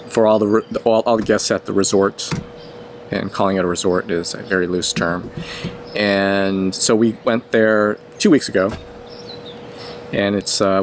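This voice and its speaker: A man's voice: on the low side, a little hiss or hum. A middle-aged man telling a personal story in a casual, rambling way, often restarting and correcting himself. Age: 50s.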